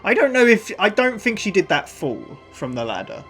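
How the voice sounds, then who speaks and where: A man casually recapping and discussing a TV episode as co-host, rambling with frequent fillers and quick laughs. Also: high voice, very animated, fairly bright tone, faint music behind. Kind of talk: casual chat.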